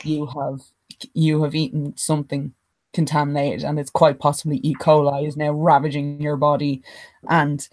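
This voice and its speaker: A woman's voice: low voice, normal speed, dry recording, rough recording. Laughing woman swearing casually. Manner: animated, swearing, laughing storyteller. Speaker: podcast co-host. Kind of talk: casual chat.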